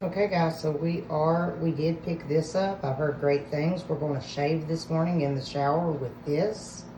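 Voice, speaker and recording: An excited woman in her forties reviews products in a casual vlog, speaking in a low voice at a moderate pace. She is excitable and chatty, addressing viewers directly with lots of "y'all" and "listen," and the rough recording has a little hiss or hum.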